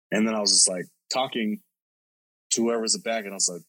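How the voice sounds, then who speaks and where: A man's voice: fairly low pitch, fast talker, pushed and bright, husky, dry recording, poor audio. A male podcast host telling a story casually, rambling and swearing with lots of filler words.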